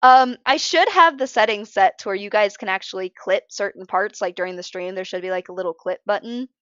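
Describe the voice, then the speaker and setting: A woman's voice: mid-range voice, a little fast, fairly bright tone, no room sound, muffled recording. A tired woman streamer chatting casually while she draws. She rambles and interrupts herself, and is frank about being emotional. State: tired from little sleep. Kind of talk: casual live-stream chat while drawing.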